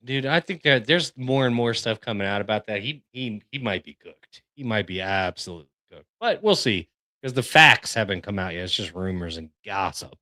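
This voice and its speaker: A man's voice: on the low side, lively intonation, moderate pace, bright, forceful tone, no echo. A man co-hosting a podcast, chatting in laid-back, slangy banter. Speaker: podcast co-host. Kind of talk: casual podcast chat.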